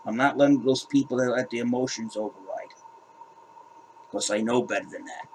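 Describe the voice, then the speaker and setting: A man's voice: mid-range voice, normal speed, darkish tone, slight background noise, poor audio. A man hosting his own crypto channel, ranting in a heated, casual way and often repeating and restarting his words. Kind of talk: heated casual rant to camera.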